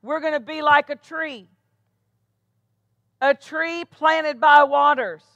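A woman's voice: high-pitched, fairly even intonation, slow, a bit bright, dry recording, highs cut off. A woman pastor preaching a sermon, emphatic and calling out rhetorical questions to her congregation.

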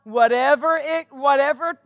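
A woman pastor delivers a sermon in a high, bright voice. She preaches emphatically and keeps asking her listeners rhetorical questions. The sound is close and dry. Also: measured pace, dry recording, muffled recording.

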